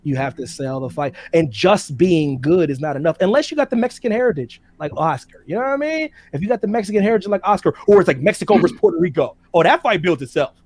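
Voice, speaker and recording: A man co-hosting a casual debate show, animated, talking about fighters and slipping into quick impressions of them. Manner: animated, swings loud and high when excited; impersonates fighters mid-talk.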